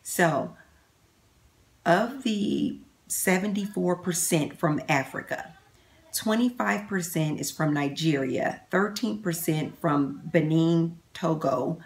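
Excited chatty woman vlogger, low-pitched. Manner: excited, chatty, reading results aloud. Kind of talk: casual vlog to camera. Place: at home by a computer.

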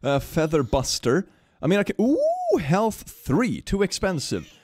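A man's voice: huge pitch swings, a little slow, a little mellow, dry recording, studio quality. Laughing man streaming a game. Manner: laughs often, breaks into high-pitched squeals and crying laughter. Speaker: gaming streamer. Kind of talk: casual let's-play commentary.

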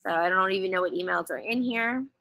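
A woman's voice: mid-range voice, fast, gravelly, bright, forceful tone, dry recording, poor audio. A woman running a casual webinar, explaining step by step in a chatty, wry way while sitting outdoors.

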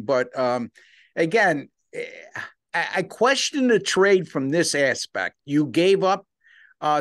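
A man's voice: fairly high pitch, a bit bright, no echo, clean studio sound. Chatty man on a betting podcast. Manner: conversational, filler-heavy, agreeable. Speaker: podcast co-host, sports betting analyst. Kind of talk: casual sports betting chat.

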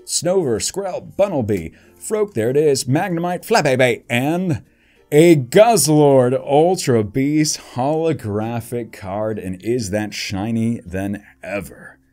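A man giving casual card-opening commentary, listing card names in a low mutter and breaking into excited outbursts and jokey asides. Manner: jokey asides about the cards. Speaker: YouTuber opening trading card packs.

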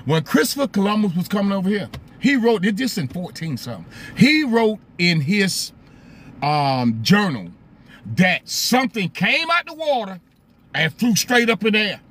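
A man's voice: high voice, very animated, normal speed, a bit bright. A man hosting a live stream, talking casually, greeting viewers by name and asking them rhetorical questions.

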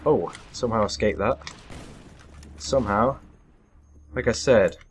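A young man giving live commentary over his own gameplay, excitable and self-deprecating, breaking into sudden loud yelps. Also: on the low side, unhurried, slight background noise. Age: young adult. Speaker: gaming commentator.

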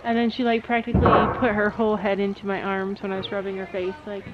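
A middle-aged woman chatting casually to camera in a family vlog, thinking out loud and turning bossy when she sets rules. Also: mid-range voice, completely flat delivery, quick pace. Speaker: family vlogger. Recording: dull lo-fi camera audio with faint noise.

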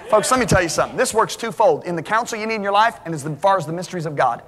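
Animated preacher man in a big hall. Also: high-pitched, racing. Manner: animated, acts out dialogue, restarts. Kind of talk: storytelling sermon. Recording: hall reverb.

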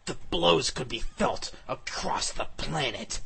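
A man giving a flat, matter-of-fact comedic reading of a fan fiction story. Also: on the high side, slow pace, vocal fry, slight background noise, poor audio. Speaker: comedic reader.

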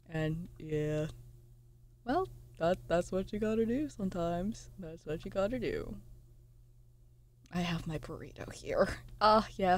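A young woman streamer chatting casually with her viewers, reading out chat messages and swearing, excitable. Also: mid-range voice.

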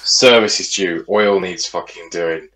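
Male co-host, lower voice, laid-back sweary banter. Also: unhurried, fairly bright tone, poor audio. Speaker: podcast co-host. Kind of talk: casual chat.

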